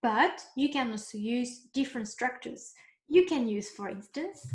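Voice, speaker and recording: A woman teaching a beginners' lesson, explaining slowly step by step and checking in with the class. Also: a little high, expressive, reverberant. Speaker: French teacher. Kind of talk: recorded online lesson.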